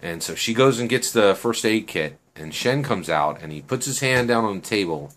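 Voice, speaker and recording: A man's voice: fairly low pitch, expressive, normal speed, fairly bright tone. A man telling a story casually, chatty and full of fillers and tag questions.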